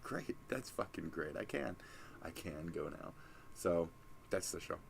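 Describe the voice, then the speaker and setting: A man's voice: low-pitched, expressive, measured pace, gravelly, slight background noise. Drowsy, rambling, profane young man. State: sleepy, yawning. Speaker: streamer. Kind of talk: casual rambling sign-off.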